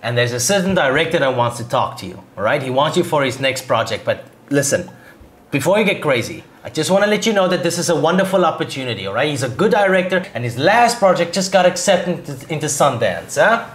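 A man playing a talent agent who tries to calm and win over his client in a salesy, placating way. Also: on the high side, fast talker, reverberant. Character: smooth-talking male talent agent. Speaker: actor in a short film scene. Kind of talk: acting-class film scene.

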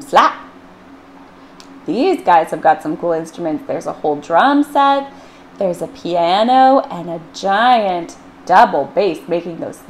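A woman's voice: on the low side, expressive, slow pace, a little hiss or hum. A woman librarian reading a picture book aloud to children, playfully acting out the sound words. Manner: playful, acts out sound words with big swings in voice. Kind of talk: storytime read-aloud.

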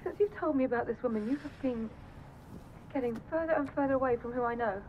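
A woman's voice: fairly high pitch, quick pace, lightly acted. An actress playing a hurt wife who confronts her husband over the phone in a bitter, cutting way. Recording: muffled phone line with hiss.

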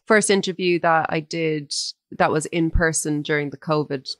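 An Irish woman co-hosting a music podcast in casual chat, animated and emphatic with strong opinions. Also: deep voice, normal speed, dry recording, clean studio sound. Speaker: podcast co-host.

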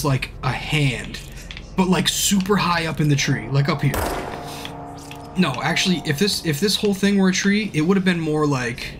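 A man with a slightly high voice rambles through a loose, profane movie recap on a live stream. He drops into hushed asides to act out scenes. Faint music plays behind him. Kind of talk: casual rambling movie recap while gaming.

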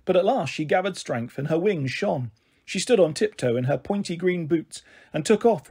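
A man reading a children's book aloud in an expressive way. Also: high-pitched, slightly rough. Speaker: storyteller.

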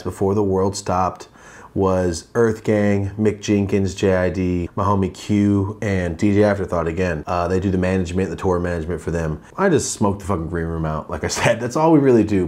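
Foul-mouthed, animated male storyteller. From Los Angeles, living there now. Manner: profane, animated, acts out quotes with big pitch jumps. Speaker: vlogger telling a story. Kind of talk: casual storytelling vlog.

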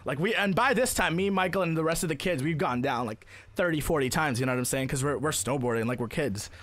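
High-voiced man rambling through a funny story. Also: fast. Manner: rambling, full of "like" fillers and swearing; grows loud and excited at the peaks of the story. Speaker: gaming streamer telling a story. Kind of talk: casual comedic storytelling.

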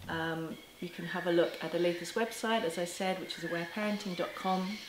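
A woman teaching parents to camera in a gentle, reassuring way, now and then with a soft laugh. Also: fairly low pitch, steady tone, a little fast, noisy background. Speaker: parenting educator. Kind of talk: talking to camera. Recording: echoey room with faint ambience.

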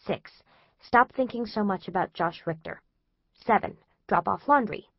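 A woman's voice: medium pitch, normal speed, creaky, no echo, lo-fi sound. A woman narrating a first-person teen diary in a chatty, anxious, exasperated way. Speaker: audiobook narrator.

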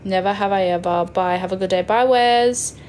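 A woman's voice: medium pitch, normal speed, a little mellow, a little hiss or hum. A woman in her twenties from Western Australia with an Australian accent, chatting on a phone live stream and answering viewer comments. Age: 20s. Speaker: livestreamer. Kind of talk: casual live-stream chat reading comments.

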